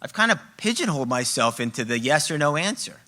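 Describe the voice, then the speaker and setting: A bright, clear male voice addressing a room full of parents. He talks emphatically and keeps checking in with his listeners as he leads a workshop on communication. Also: fairly high pitch, big pitch swings, fast talker. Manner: emphatic, often checking in with "okay?" and "right?". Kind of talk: live workshop talk to an audience. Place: room with a live audience.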